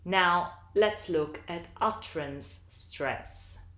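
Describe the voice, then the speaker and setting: Woman, English teacher, slow deliberate delivery, low voice, echoey room. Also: fairly bright tone. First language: Italian. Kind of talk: recorded lesson narration.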